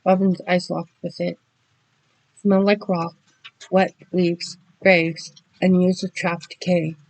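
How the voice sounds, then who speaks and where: A woman narrating a horror story dramatically, speeding through action and slowing for suspense. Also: lowish voice, little pitch movement, darkish tone, no room sound, rough recording.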